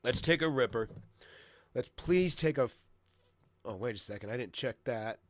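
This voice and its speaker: A man hosting a casual livestream from his home, cursing freely and apologizing to his viewers. His voice sits at an ordinary middle pitch. The sound is dry, with no room echo. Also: lively intonation, moderate pace. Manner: frustrated, swearing heavily, apologetic. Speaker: livestream host.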